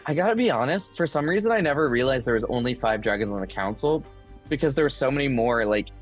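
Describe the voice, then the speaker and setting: A man chatting as a player at a tabletop game, playful and quick to giggle. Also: medium pitch, animated, soft background music. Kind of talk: casual chat among players.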